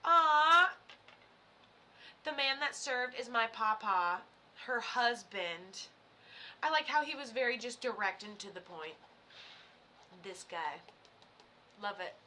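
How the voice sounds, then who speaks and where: A high, bright-voiced woman chats her way through live readings on a stream, loose and excitable, with plenty of fillers and sudden loud outbursts. A faint hiss of room sound sits under her voice. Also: takes it slowly, pauses often. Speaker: medium giving live readings.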